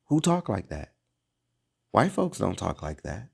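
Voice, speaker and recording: Slow gravelly guy doing preachy commentary, asks lots of questions, drags his words out. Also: lowish voice, wildly swooping pitch. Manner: slow, emphatic, rhetorical questions. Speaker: online religious commentator.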